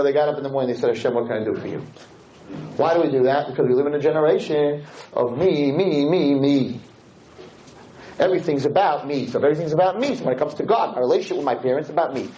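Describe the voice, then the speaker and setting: Talking very fast in a slightly high, dark-toned voice, this man delivers a Torah lecture before a live audience. He's playful and rhetorical, dramatizing little scenes as he goes. The sound is a dull, lo-fi lecture capture with faint hiss underneath.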